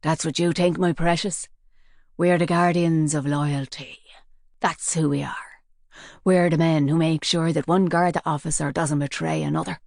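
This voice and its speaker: Woman voicing a rough gunman in an audiobook, hoarse gravelly voice, pretty flat delivery. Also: sits low, moderate pace, no echo, studio quality. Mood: menacing. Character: menacing Irish male gunman, hoarse.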